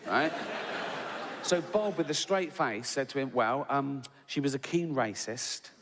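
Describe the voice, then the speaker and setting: An English stand-up comedian in his sixties tells stories in a medium-pitched, animated voice at an unhurried pace. He tags lines with "right?" and laughs through his own jokes, while a noisy background and long hall reverb fill the recording.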